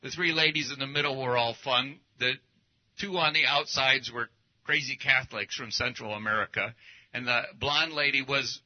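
A man's voice: medium pitch, moderate pace. A man preaching a casual teaching sermon, folksy and anecdotal, talking through slides as he goes. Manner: folksy, anecdotal, speaks while showing slides. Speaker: pastor. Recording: dull lo-fi recording.

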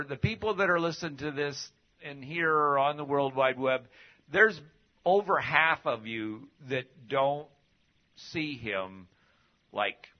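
A middle-aged man, a pastor teaching a class in a conversational sermon style, folksy and full of rhetorical questions, on a dull lo-fi recording. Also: medium pitch.

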